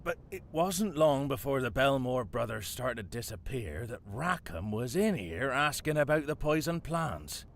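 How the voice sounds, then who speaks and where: An actor voicing a dead older English gardener with a West Country accent, dry and darkly playful, in a video game. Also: male voice, mid-range voice, very animated, moderate pace, creaky, hardly any pauses, slight background noise. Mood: sly. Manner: wry, theatrical, darkly playful.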